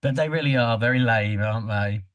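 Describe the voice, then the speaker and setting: A man's voice: mid-range voice, fairly quick, dry recording. Playful, teasing man on a dry mic. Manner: playful, teasing, swears freely. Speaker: podcast co-host. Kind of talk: casual podcast chat.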